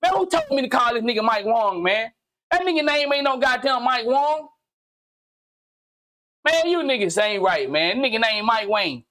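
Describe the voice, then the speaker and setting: Loud, profane man ranting on camera. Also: extremely high pitch, normal speed. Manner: loud, animated, swings into shouting; slangy, repetitive, teasing. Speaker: gaming channel host. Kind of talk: profane comedic rant commentary.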